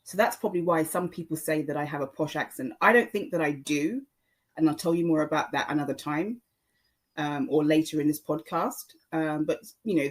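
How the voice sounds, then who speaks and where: A chatty English woman hosting a casual podcast. Her accent sits between posh English and Multicultural London English, and her low voice wanders through fillers and asides. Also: a little fast. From England, born in Jamaica. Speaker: podcast host.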